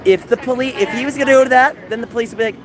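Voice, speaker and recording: A man livestreaming from outdoors, talking to chat in an animated, mocking, sarcastic way. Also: very high-pitched, very fast, a crowd in the background. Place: outdoors in a busy public area. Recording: outdoor street noise with passing vehicles.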